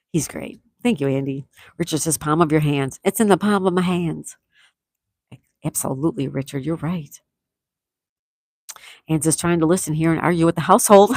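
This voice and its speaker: A middle-aged woman chats warmly with her viewers on a livestream, reading their comments aloud and laughing easily between them. Her voice sits a little low for a woman. The sound is dry and close, with no room echo. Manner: chatty and affectionate, laughs often while reading comments aloud. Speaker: livestream host reading chat. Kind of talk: casual live chat.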